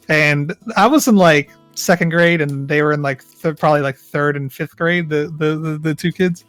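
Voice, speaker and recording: A man's voice: fairly high pitch, moderate pace, few pauses, no room sound, soft background music. A man co-hosting a casual online talk show, telling a childhood story with acted-out quotes and plenty of swearing. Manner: animated storyteller, acts out quotes, swears freely. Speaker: podcast co-host.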